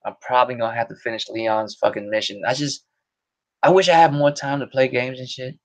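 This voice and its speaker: A man's voice: medium pitch, fairly even intonation, a little fast. A man hosting a podcast stream, chatting casually in a rambling, profane way and laughing often. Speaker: podcast host. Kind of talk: casual solo stream chat.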